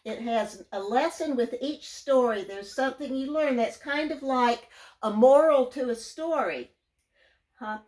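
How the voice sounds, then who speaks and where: Slow-reading woman teacher. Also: sits high, poor audio. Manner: gentle, drawn-out storytelling with sound words. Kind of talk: children's story read-aloud.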